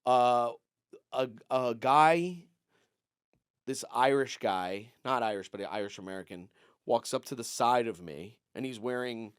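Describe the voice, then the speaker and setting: A man and comedian on a podcast telling rambling stories, acting out the people he quotes in a higher voice. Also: a little slow, clean tone, no room sound, clean studio sound. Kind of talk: casual storytelling chat.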